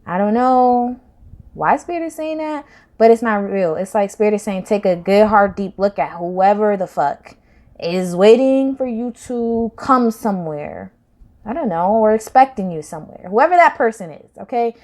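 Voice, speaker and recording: A woman's voice: medium pitch, lively intonation, normal speed. Slangy woman giving a tarot reading. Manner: slangy, rambling, swings loud and soft. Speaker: tarot reader. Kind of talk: casual spiritual reading to camera.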